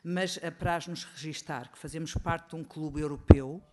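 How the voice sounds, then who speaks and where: A man's voice: a little high, fairly even intonation, normal speed, very noisy. A politician, a man, giving a formal welcome speech with frequent hesitation fillers.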